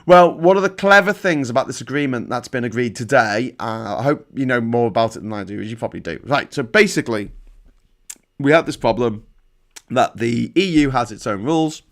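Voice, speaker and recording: A man's voice: mid-range voice, expressive, brisk, fairly bright tone. A man from Liverpool hosting a casual livestream, rambling and swearing as he mocks himself and mixes in politics. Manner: rambling, sweary, self-mocking. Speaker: livestream host. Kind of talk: casual live-stream chat and political commentary.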